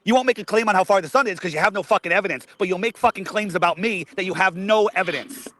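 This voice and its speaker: A man's voice: high-pitched, fast, a bit bright, dry recording. A man arguing angrily and swearing on a livestream debate, insisting that others are lying about him. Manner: angry, profane, insistent. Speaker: guest in a heated debate stream. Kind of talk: angry argument on a livestream.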